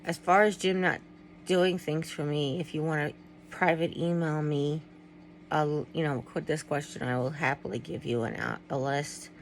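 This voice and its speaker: A middle-aged woman talks straight to her viewers in a loose, confiding vlog, wandering off mid-thought and circling back. Her voice has a rough, gravelly edge and sits a little low. A faint hum runs underneath. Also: fairly even intonation, normal speed, poor audio. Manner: rambling, candid, trails off and restarts. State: tearful at times. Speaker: vlogger. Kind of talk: personal vlog, talking to viewers.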